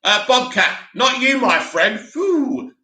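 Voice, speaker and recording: A man hosting a live stream, chatting casually and answering viewer comments in an animated way. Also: extremely high pitch, takes it slowly, roomy sound. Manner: chatty, animated, mocks a dramatic voice.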